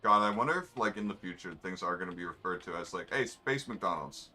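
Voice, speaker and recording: A man's voice: deep voice, quick pace, pushed and bright. A man, rambling in wry, offhand asides while commenting on his racing game. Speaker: gamer streaming a race. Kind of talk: casual gameplay commentary.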